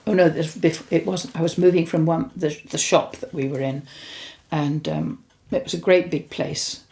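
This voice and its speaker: Older woman with a gravelly voice. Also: deep voice, darkish tone. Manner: chatty, rambling, with self-corrections. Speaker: host recounting spiritual experiences. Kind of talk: casual storytelling and reading aloud.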